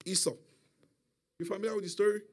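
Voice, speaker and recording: Brief: male preacher, high voice, emphatic call-and-response sermon. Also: steady tone, fast, darkish tone.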